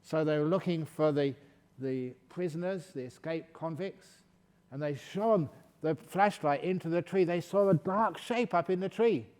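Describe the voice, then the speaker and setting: A man giving a calm, gentle meditation talk at a retreat, slipping in playful jokes. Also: a little high, moderate pace, long reverb tail. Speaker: meditation teacher.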